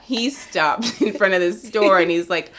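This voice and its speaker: A woman's voice: mid-range voice, unhurried. A woman in her thirties from Canada, a comedian telling a self-mocking story in casual chat and acting out the people she quotes. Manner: animated, self-mocking, acts out quoted voices. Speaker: comedian guest.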